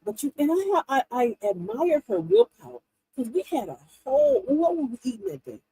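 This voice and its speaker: A woman in her fifties hosting a livestream, telling funny stories in an animated, laughing way to her viewers. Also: high-pitched, moderate pace, low-quality recording. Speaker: livestream host. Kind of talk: casual chat to viewers.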